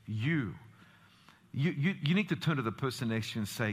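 Animated man preaching a sermon. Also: moderate pace, slightly rough. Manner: animated preaching with dramatic pitch swings and rhetorical questions. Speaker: pastor.

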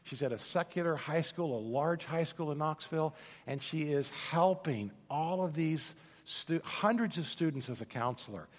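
Stammering pastor preaching in a reverberant hall. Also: male voice, a little high, normal speed. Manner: storytelling with frequent stammered restarts. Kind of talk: sermon. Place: church sanctuary.

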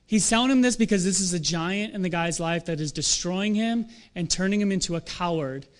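A young adult man preaching a sermon in a conversational, animated way, with self-deprecating asides. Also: high voice, a little fast. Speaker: pastor.

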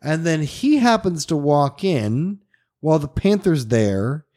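A man co-hosting a podcast, retelling a scene in halting starts during casual chat. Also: fairly high pitch, sing-song, darkish tone. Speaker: podcast co-host.

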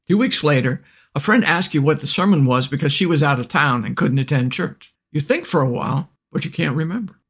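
A man with a slightly high voice teaches scripture in a slow, deliberate way. When he recites verses he drops down close to a murmur. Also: a bit bright. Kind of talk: devotional teaching.

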